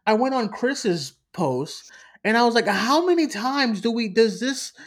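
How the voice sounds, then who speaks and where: A man's voice: very high-pitched, big pitch swings, measured pace, a bit bright. A man co-hosting a podcast in casual chat, rambling and repeating himself as he gets worked up. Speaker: podcast co-host.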